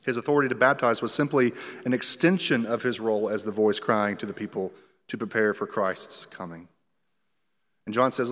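A man's voice: fairly low pitch, normal speed, fairly bright tone, in a large hall. A male pastor preaching an expository sermon in a conversational way, explaining scripture verse by verse with light humor.

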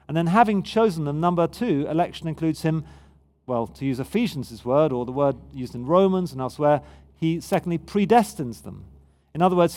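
Preacher, male, fairly high voice, chatty but emphatic sermon delivery. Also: darkish tone. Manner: conversational, emphatic, with frequent restarts.

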